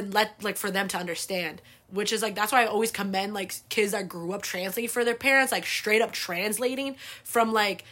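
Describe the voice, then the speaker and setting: Brief: young woman podcast host, bright forceful voice, a bit high, animated and profane storyteller. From United States. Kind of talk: casual storytelling.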